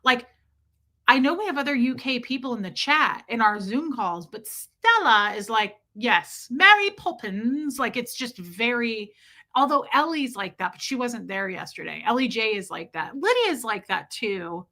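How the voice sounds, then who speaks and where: Woman, livestream host, casual chat, animated, bright tone. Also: on the high side, moderate pace. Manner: animated, mimics people in put-on voices, swears casually. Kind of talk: casual chat reading viewer comments.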